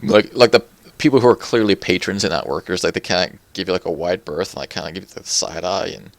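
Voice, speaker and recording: A man with a very low, gravelly voice runs a tabletop game and narrates the scene. He talks in a loose, chatty way, full of filler words. The recording is close and dry. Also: fast, no room sound. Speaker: game master.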